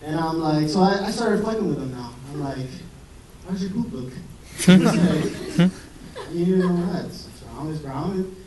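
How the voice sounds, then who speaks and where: A man's voice: on the high side, animated, measured pace. A young man, a medical student, doing a rambling, profane stand-up set in front of a live audience. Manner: rambling, profane, self-deprecating storytelling. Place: comedy venue with live audience. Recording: roomy, distant live recording with crowd laughter. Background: audience laughing.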